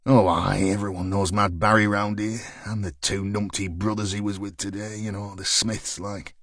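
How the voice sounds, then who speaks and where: A man's voice: lowish voice, little pitch movement, normal speed, fairly bright tone, dry recording, clean studio sound. A man voicing a nervous, gossipy male pub landlord who stammers and chatters. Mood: nervous gossip. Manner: stammering, chatty, dialect-heavy.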